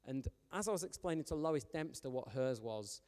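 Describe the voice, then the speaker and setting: A man, a youth pastor preaching in a chatty, animated, storytelling way. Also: medium pitch, normal speed. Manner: chatty, animated, joking with the young audience. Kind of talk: informal storytelling sermon. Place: church hall. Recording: long hall reverb.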